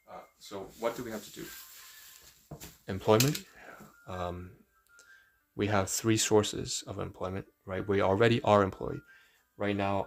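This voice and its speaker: A man with a very low, gravelly voice chats on a casual live stream. He reads aloud haltingly, tripping over long words, and fills his pauses with ums and uhs as he thinks aloud. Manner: thinks aloud with frequent fillers. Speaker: livestreamer.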